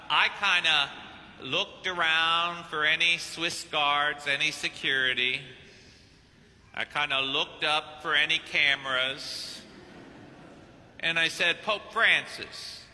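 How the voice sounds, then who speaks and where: A priest from Kentucky tells a sermon story with lively acted-out dialogue. His high voice has a sharp, bright edge. It carries with a long, ringing church reverb. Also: slight background noise. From Kentucky, United States. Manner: animated storyteller who acts out dialogue. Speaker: priest and missionary preacher. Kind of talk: anecdotal sermon.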